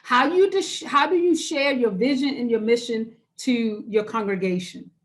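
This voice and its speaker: A woman's voice: on the high side, normal speed. A woman pastor leading an interactive online workshop over a video call. She talks conversationally and repeats key phrases for emphasis. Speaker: pastor leading a church webinar.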